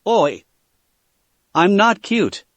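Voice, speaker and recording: A man voicing a brash, cocky teenage boy who protests loudly, reading fan fiction. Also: on the high side, sing-song, moderate pace, no room sound.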